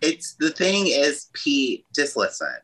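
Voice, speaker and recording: A man's voice: on the high side, very animated, slow pace, a bit bright, breathy edge, rough recording. A man as co-host in a casual gossip chat, joking in a goofy, playful way. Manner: jokey, goofy humor. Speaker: podcast co-host.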